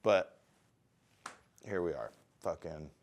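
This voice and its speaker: A man's voice: sits low, slow. A middle-aged man, a tattoo artist, telling rambling, profane stories in a casual interview. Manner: profane, rambling, animated storytelling.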